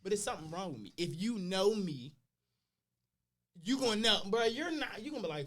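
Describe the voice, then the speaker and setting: A young adult man, a podcast guest, telling personal stories in casual slang, his voice swinging between loud and quiet. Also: high-pitched, expressive, fairly quick.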